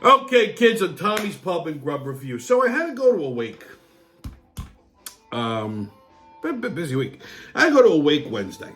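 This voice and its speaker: Loud, crude, high-voiced ranting man. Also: big pitch swings, moderate pace, pauses often, soft background music. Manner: loud, crude, angry ranting, often shouting. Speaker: host of a weekly wrap-up show. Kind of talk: profane rant and casual show segments.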